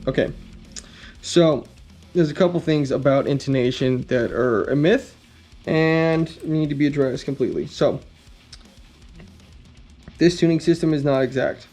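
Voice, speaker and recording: A man walks through guitar setup in a loose, rambling teaching style, full of ums and the odd blunt curse. His voice sits a bit high for a man but sounds warm and mellow. A faint guitar plays behind him. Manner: relaxed, rambling, frequent ums, blunt mild cursing. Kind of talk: casual instructional talk.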